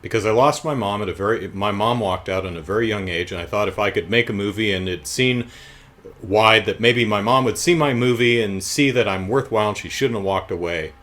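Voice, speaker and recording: A man's voice: on the low side, a little fast, fairly bright tone, lightly acted. A man voicing an earnest young woman filmmaker in a casual plot retelling. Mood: earnest plea.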